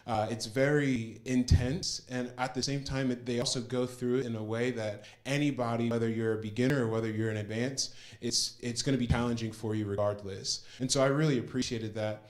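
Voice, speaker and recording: A man's voice: mid-range voice, steady tone, a little fast. An earnest young man giving a personal testimonial, retelling a story and repeating words for emphasis. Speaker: program participant giving a testimonial.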